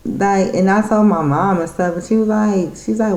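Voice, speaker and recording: A woman's voice: mid-range voice, fairly even intonation, moderate pace, a little mellow, roomy sound. A woman telling a story in a casual vlog, rambling and irritated, with many restarts. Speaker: vlogger.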